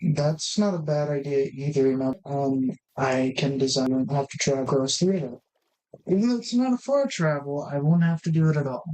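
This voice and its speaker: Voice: mid-range voice, fairly quick, dark tone, low-quality recording. A let's-play host giving casual gameplay commentary, rambling and thinking aloud with many restarts while talking straight to the viewers.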